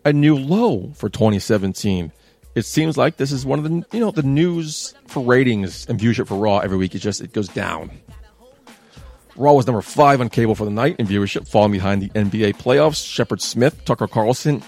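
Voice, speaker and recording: A man in his thirties hosting a casual talk show, chatty and sarcastic with lively asides. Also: mid-range voice. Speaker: podcast host.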